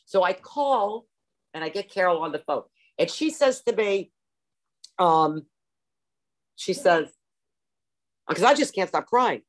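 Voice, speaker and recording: Animated low-voiced woman telling her story. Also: slow, pauses often. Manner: animated, theatrical, self-mocking humor. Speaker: speaker sharing her recovery story. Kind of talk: personal storytelling talk.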